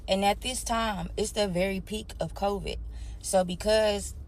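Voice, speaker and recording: A woman's voice: medium pitch, steady tone, unhurried, a little hiss or hum. A young adult woman telling a personal story candidly, talking straight to her listeners. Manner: candid, addresses listeners as y'all. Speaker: storyteller sharing her life.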